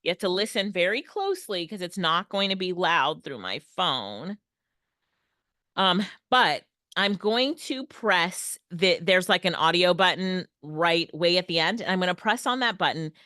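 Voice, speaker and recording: A woman's voice: on the low side, animated, unhurried, sharp tone, no room sound, clean studio sound. A woman presenting an online workshop on everyday AI tools, upbeat and laughing often. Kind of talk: online tech lesson. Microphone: headset or desk mic, video call.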